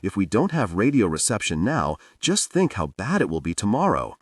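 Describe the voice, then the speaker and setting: A man's voice: lowish voice, very animated, moderate pace, breathy edge, dry recording, clean studio sound, distant mic. A man reading a weary agency director. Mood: worried.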